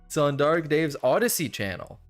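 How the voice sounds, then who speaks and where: A man's voice: fairly high pitch, sing-song, moderate pace, faint music behind. A young adult man giving casual, sarcastic reaction commentary, laughing and cursing as he goes. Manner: sarcastic, laughing, profane asides. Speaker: reaction streamer.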